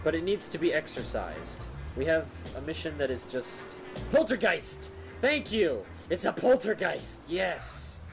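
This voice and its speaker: A young man streaming video games in a casual way, goofy and self-mocking, jumping between high squeaks and low mumbles. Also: very animated, measured pace, gravelly, few pauses, music in the background. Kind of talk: casual gaming commentary.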